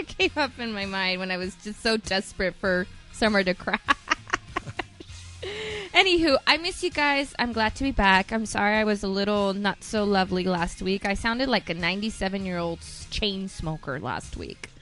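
A woman co-host in a relaxed talk show, chatting and laughing easily as she rambles. Her voice sits at a middle pitch, and faint music plays softly behind her. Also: moderate pace. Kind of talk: casual chat and news reading.

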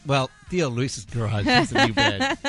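A man's voice: on the high side, huge pitch swings, measured pace, fairly bright tone, soft background music. A man co-hosting a casual talk show, earnest and explanatory, laughing along with the others. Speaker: co-host. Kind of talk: casual chat.

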